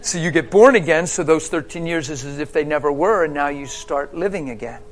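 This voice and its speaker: A male preacher gives a personal testimony with a fairly high voice. He tells his story emphatically and drops to a hush, then builds back to loud. A faint hum sits under his voice. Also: a little fast. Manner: emphatic storyteller, swings between hushed and loud.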